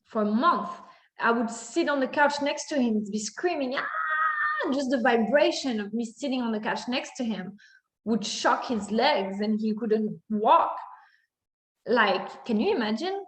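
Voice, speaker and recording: A woman's voice: a little high, animated, a little slow. A woman in her thirties telling a personal story in a monologue, acting out her own reactions with many fillers. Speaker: spiritual content creator. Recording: echoey room.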